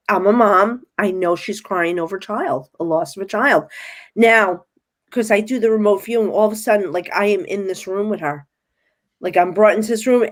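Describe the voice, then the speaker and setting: A woman tells her story as a podcast guest, mid-pitched and chatty. She jumps into little voices for the people in her tale, keeping a casual, excited flow. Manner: animated storyteller, acts out her own quotes. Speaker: guest medium.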